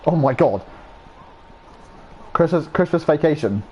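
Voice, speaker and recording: A man's voice: on the high side, lively intonation, a little slow, a little mellow, lo-fi sound, a little hiss or hum. Young dude streaming a game, rambling and swearing, keeps forgetting what he was saying. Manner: rambling, swears freely, loses his train of thought. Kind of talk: casual chat while gaming.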